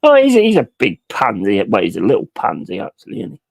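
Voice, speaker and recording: A man's voice: on the low side, wildly swooping pitch, fast talker, gravelly. A man hosting a football watch-along, ranting furiously with heavy swearing about refereeing decisions. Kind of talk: live football reaction commentary.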